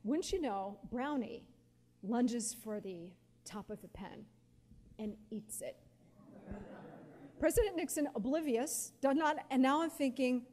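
At a live question-and-answer session, a woman in her forties tells stories in a high-pitched voice at a measured pace, pausing often. She's an animated guest speaker who laughs frequently and uses plenty of casual fillers.

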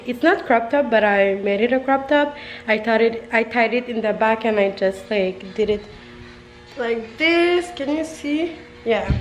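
A woman's voice: fairly high pitch, low-quality recording. A young woman chatting casually in her beauty vlog, rambling and often calling out to her viewers. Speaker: beauty vlogger.

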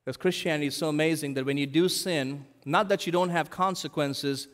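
A man's voice: fairly high pitch, fairly quick. Preaching man in a reverberant hall. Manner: dramatic, swings between loud emphasis and hushed quotes. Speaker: pastor. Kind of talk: sermon.

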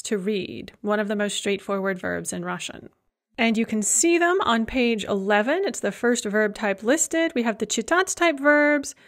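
A woman lecturer explaining verb endings in a methodical way, with frequent filler words. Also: fairly high pitch. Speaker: Russian language lecturer. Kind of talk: recorded grammar lecture.

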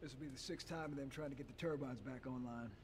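An actor playing an easygoing middle-aged settlement leader in a video game, relaxed and matter-of-fact. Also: male voice, mid-range voice, fast talker, slight background noise, lightly acted.

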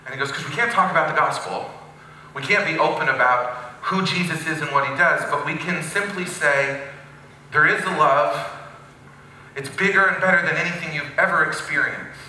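A male pastor telling a story in a sermon, animated and with wry asides. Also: a little high, moderate pace, a little hiss or hum. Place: church sanctuary. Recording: very echoey hall, from a distance.

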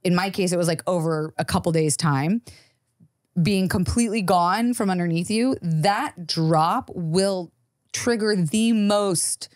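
A woman with a fairly low voice, talking as a podcast guest in loose, animated chat. She swears freely and acts out bits of dialogue as she tells a story. The recording is close and dry, with no room sound. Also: measured pace, no echo. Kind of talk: casual chat.

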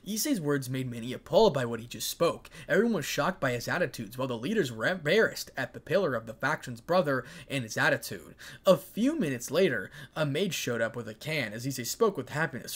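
A man reading a fan story aloud in a plain, even way, with small slips. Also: medium pitch, brisk, few pauses.

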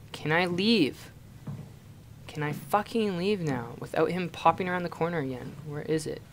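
A man's voice: a little high, background noise. A young man from Canada playing a horror game and commenting in a panicky, swearing way, often repeating himself in frantic bursts. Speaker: gaming YouTuber.

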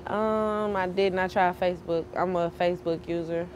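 A woman's voice: on the low side, steady tone, moderate pace, a little mellow. Woman from St. Louis, aspiring rapper, casual short answers, light street noise behind. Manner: casual, brief answers, rhythmic freestyle delivery. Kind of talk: street interview with a freestyle rap.

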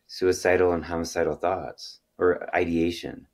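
A middle-aged man, a chiropractor hosting a health interview, explaining at length and telling stories with bursts of excitement and quiet trailing asides. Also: low voice, normal speed. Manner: animated storyteller, lively when excited, trailing off into quiet asides. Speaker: chiropractor and health podcast host.

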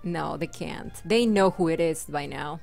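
A woman hosting a gaming channel, chatting casually and thinking out loud while she plays, laughing often. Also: low-pitched, unhurried, gravelly, faint music behind. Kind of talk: casual let's-play chat.

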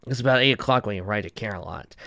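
A man narrating a fan fiction chapter aloud in a plain, even storytelling read. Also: lowish voice, rapid-fire, vocal fry, no echo, clean studio sound.

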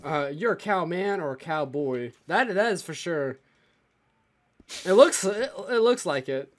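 A man's voice: on the high side, expressive, a little slow. A man hosting a casual gaming stream, joking around, swearing and laughing often.

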